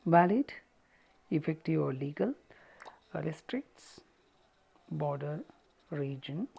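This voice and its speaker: A woman's voice: deep voice, vocal fry, darkish tone, breathy edge. A woman explaining an English textbook exercise step by step, with frequent "see" and "so". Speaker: college English teacher.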